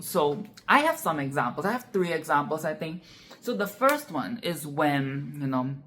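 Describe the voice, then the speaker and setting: A woman casually discussing a film she loves, emphatic and profane, repeating her points with "okay?". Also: sits low. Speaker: film reviewer.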